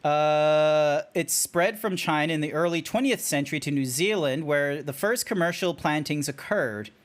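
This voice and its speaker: A young Australian man streaming a game, rambling excitably through trivia and laughing at his own jokes. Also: fairly high pitch, moderate pace. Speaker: VTuber streamer. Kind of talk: casual game stream chat.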